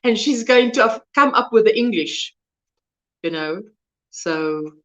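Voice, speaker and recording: Dull audio captures the South African crochet streamer, an Afrikaans native speaker, reading viewer comments with casual, rambling chatter and words lost mid-sentence. Her mid-range voice is animated and a bit bright, and she speaks a little slowly.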